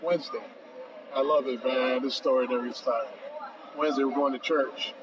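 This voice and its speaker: A man in his fifties, a podcast guest, telling a long anecdote with lively acted-out dialogue and frequent "bro.". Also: medium pitch, brisk. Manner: lively storyteller acting out both sides of phone calls, says "bro" often. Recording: distant, dull and noisy.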